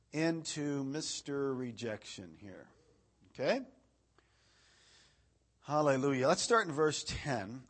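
A man preaching a casual, filler-filled sermon, reading scripture aloud with rising emphasis. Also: mid-range voice. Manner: chatty, filler-heavy, rises loud when reading verses. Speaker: evangelist preacher.

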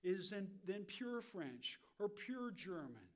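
A man's voice: high-pitched, sing-song, slow pace. An American man teaching verse by verse from the Bible, asking his listeners questions and answering them himself, with frequent "okay?" checks. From United States. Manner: keeps checking in with "okay?" and "all right?".

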